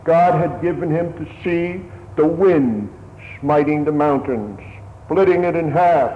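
Slow solemn preacher on a tinny recording. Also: male voice, a little high, slight background noise. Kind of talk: sermon. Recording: tinny phone-like sermon recording in an echoey hall.

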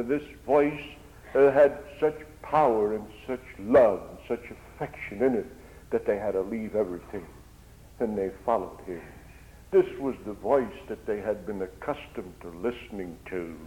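A man's voice: medium pitch, darkish tone. A man preaching a sermon, impassioned, his voice swelling and dropping. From Netherlands. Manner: impassioned, swells and drops in volume. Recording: dull lo-fi recording.

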